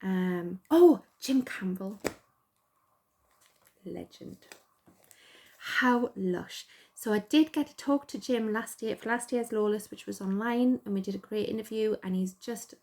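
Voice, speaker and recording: A middle-aged woman with a Geordie accent hosts a podcast, speaking a little slowly in a medium-pitched, slightly mellow voice. Her casual chat rambles, self-deprecating and full of fillers.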